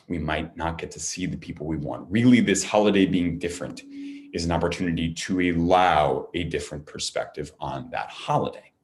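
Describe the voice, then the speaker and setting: A man speaking to an audience in a heartfelt, earnest appeal for a charity, climbing louder and higher as he presses his point. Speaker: performer making a charity appeal.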